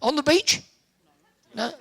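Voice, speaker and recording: An indoor hall hosts a live event run by a man from Hertfordshire, England, who banters cheekily with the crowd, joking, teasing and firing off quips. His voice sits extremely high, animated and creaky, with a pushed, bright quality.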